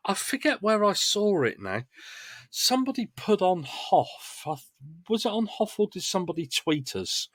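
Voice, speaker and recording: A man co-hosting a casual podcast, with a fairly high voice for a man. He trades blunt, jokey banter. The sound is dry and close, with no room echo. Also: big pitch swings, moderate pace. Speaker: podcast co-host. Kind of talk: casual chat.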